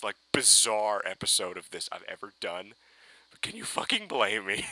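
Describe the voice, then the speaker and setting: A man rants through a fan reaction video, his voice leaping all over the place and sounding very bright and sharp. He swears freely and bursts into gleeful shouts, recorded close and dry with no room sound. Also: on the low side, sing-song, brisk, vocal fry, no room sound. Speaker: fan reviewer. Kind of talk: excited reaction vlog.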